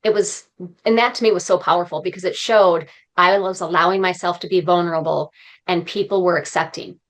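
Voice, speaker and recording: A woman's voice: fairly low pitch, fairly even intonation, a little fast. A woman speaking as a podcast guest, talking in an earnest, heartfelt and encouraging way. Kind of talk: conversational interview.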